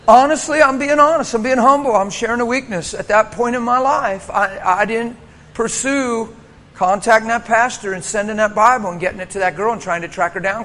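A pastor telling a story in a sermon, animated and acting out voices, laughing often. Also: male voice, sits high, a little hiss or hum. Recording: hall reverb, faint ambience.

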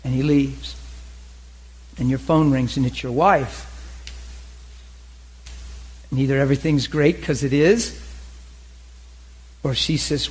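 Husky man preaching a sermon. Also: mid-range voice, takes it slowly, long pauses, low-quality recording. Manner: animated, voices characters in anecdotes. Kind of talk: sermon with acted-out scenes.

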